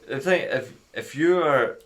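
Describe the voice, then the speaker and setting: A man co-hosting a podcast in casual chat, agreeable and quick to back the host up. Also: fairly high pitch, lively intonation. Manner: agreeable, with frequent backchannel "yeah".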